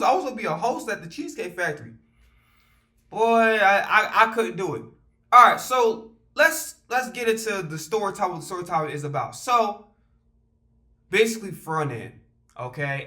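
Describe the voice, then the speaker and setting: High, bright-voiced man telling a story. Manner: animated, profane, rambling with fillers and restarts. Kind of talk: casual storytime monologue.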